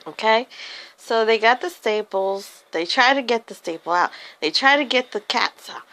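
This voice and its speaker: A woman's voice: a little high, expressive, moderate pace, a bit bright, poor audio. A woman telling an improvised silly story, giggly and rambling.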